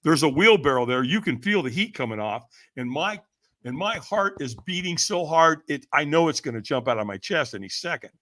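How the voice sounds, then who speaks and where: Guest role: man, lively storyteller, bright tense tone, pitch jumping all over. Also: fairly quick. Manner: lively, acts out quoted voices, laughs often. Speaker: podcast guest, firewalk trainer. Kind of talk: animated storytelling.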